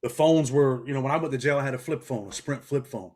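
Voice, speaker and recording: Casting: middle-aged New man, rapid street-talk interview guest, mid-range voice. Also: medium pitch, darkish tone. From New York. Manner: blunt street talk, frequent "man" and "bro". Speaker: interview guest, former prisoner. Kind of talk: casual interview storytelling.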